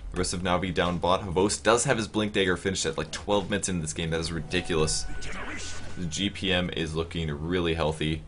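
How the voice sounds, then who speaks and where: A man casting a video game match, calling the plays quickly and getting louder on big moments. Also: low-pitched, slight background noise. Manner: fast, rising to excited shouts on big plays. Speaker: esports caster. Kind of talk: play-by-play game commentary.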